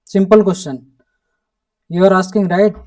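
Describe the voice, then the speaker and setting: Indian-accent teacher, mellow voice, keeps repeating words, a bit far from the mic. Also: mid-range voice, steady tone, a little slow. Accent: Indian English. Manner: repeats each word several times, prompts with "hmm?". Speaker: language teacher. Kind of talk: online language lesson.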